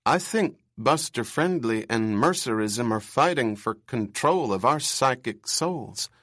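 A timid, earnest young man, as a male narrator puts him on, speaking a little higher than the reader's own voice. He trips into stammers on his words and talks with a shy sincerity. The reading is close and dry. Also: expressive, unhurried, a bit bright, no room sound.

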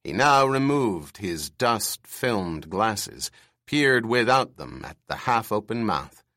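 A man narrating an audiobook with a slow, deliberate pace. His mid-pitched voice moves through lively, wide-ranging intonation, and the recording is close and dry, with no room sound. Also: no room sound. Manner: measured, expressive storytelling.

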